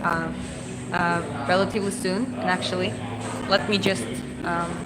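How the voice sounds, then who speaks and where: A woman chatting casually on a live stream as a fitness coach, talking in halting bursts full of fillers and restarts. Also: fairly low pitch, flat delivery, over a noisy crowd, low-quality recording. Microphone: clip-on mic put on mid-stream.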